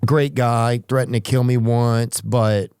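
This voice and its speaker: A man hosting a podcast, telling rambling comic stories with profanity and drawn-out asides. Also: medium pitch, flat delivery, darkish tone, clean tone, no room sound, studio quality. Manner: profane, drawn-out asides, sudden character voices. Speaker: podcast host.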